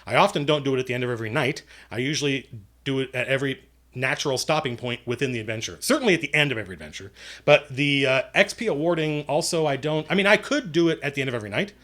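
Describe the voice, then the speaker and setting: A man's voice: mid-range voice, lively intonation, fast, a bit bright. Man, casual stream Q&A, rambling, self-correcting, dry jokes, desk mic. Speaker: game master and writer answering viewer questions. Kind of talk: casual livestream Q&A.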